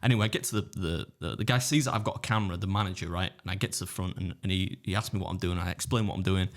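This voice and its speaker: A man's voice: low-pitched, racing. An English man telling a rambling story in a casual podcast chat, with frequent restarts. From England. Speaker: guest, food challenge YouTuber.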